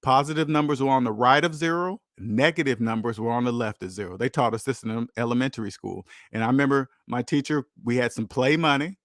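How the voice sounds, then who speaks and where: A man's voice: medium pitch, fast, few pauses, a bit bright, no echo, studio quality. A man hosting a finance channel, talking casually and preachily about money and debt, acting out the voices of people he quotes.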